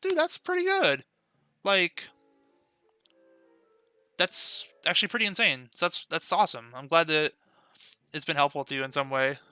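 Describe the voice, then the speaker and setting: A man's voice: fairly high pitch, sing-song, normal speed, long pauses, bright, forceful tone, clean tone, dry recording, soft background music. A young man streaming a game, chatting casually with viewers and laughing often. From United States. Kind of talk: casual live-stream chat while playing.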